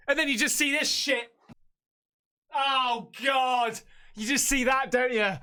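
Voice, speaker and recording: A man casually commenting on a video, excitable and swearing often as he reacts. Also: very high voice, slow pace, pauses often. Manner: excitable, swears a lot, calls viewers mate.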